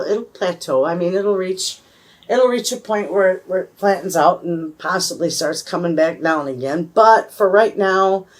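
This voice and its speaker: A woman in her fifties with a Michigan accent, chatting casually and rambling in a folksy, homespun way about her homestead. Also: lowish voice. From USA. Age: 50s. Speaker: homesteading vlogger. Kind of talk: casual chat to camera.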